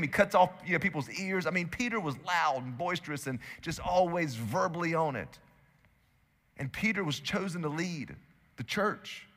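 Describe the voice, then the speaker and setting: A male pastor preaching a sermon, swinging between loud emphatic bursts and hushed, intimate stretches. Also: sits high, in a large hall. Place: church hall.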